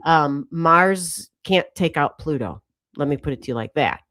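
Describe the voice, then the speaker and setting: A woman's voice: low-pitched, lively intonation, unhurried, fairly bright tone. A woman hosting a livestream astrology reading, rambling casually and correcting herself as she talks to viewers.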